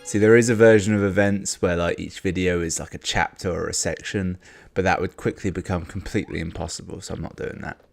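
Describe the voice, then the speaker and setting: Deep gravelly man commenting on a game. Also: fairly even intonation, a little fast, hardly any pauses, soft background music. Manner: rambling, wry asides. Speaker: let's play host.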